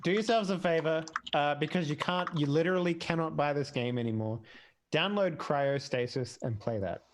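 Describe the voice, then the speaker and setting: Brief: man, player, bluntly opinionated and profane, slightly high pitch. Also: normal speed, background noise. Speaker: tabletop game player. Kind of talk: casual chat.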